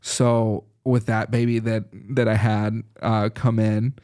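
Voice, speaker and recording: A man who is a chiropractor, a guest on a podcast, telling lively stories in casual conversation and laughing often. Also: fairly low pitch, takes it slowly. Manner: lively anecdotal storytelling with frequent laughs.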